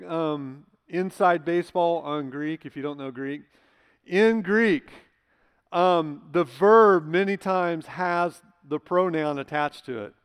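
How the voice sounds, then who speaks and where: A man's voice: high voice, clean tone. A man pastor preaching a sermon in a church, emphatic and conversational, asking his listeners rhetorical questions. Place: church sanctuary. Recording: long church hall reverb.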